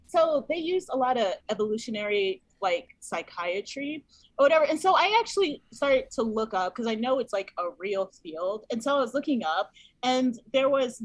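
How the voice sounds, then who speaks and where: A woman's voice: on the high side, dry recording. A woman guest on a podcast, telling her thoughts hesitantly with many fillers in casual chat.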